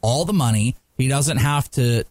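A man's voice: mid-range voice, normal speed, a little mellow, no echo. A man co-hosting a casual podcast chat, joking and laughing often. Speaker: podcast co-host.

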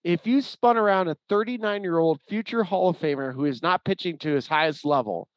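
Higher-pitched guy on a sports podcast, animated, acts out the back and forth, dry muffled sound. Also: a little fast, no room sound. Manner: animated storyteller, acts out quoted exchanges. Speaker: podcast co-host. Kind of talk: casual sports chat. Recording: dry, slightly muffled audio.

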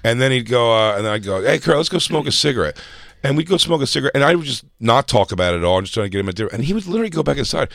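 A man's voice: mid-range voice, very animated, racing, few pauses, fairly bright tone, dry recording, clean studio sound. A man co-hosting a comedy chat show, telling stories animatedly, acting out his friends' voices and swearing freely. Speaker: podcast co-host.

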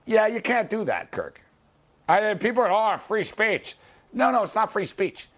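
Brief: male sports radio host, fired-up rant, voice a bit high, swearing and heckling, late-night call-in style. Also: sing-song, normal speed. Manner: angry, swearing, heckling athletes by name; bursts of loud high-pitched exclamation.

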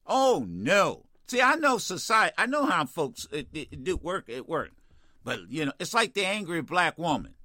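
A man's voice: high voice, bright, forceful tone, no room sound, studio quality. A man hosting a call-in talk radio show, talking in a combative, emphatic way and often repeating himself.

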